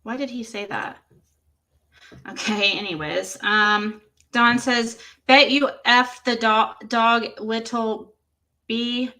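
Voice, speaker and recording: A woman reading screenshots of text messages to her livestream audience. She speaks slowly, in a bright and slightly high voice. She keeps stopping to react with exclamations and laughs. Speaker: livestream host. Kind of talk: reading texts aloud on a livestream.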